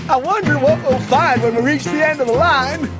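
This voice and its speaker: A dim-witted cartoon outlaw whines about being hungry, as an actor acts him out. His voice is high and plaintive. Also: normal speed, over loud music, lightly acted.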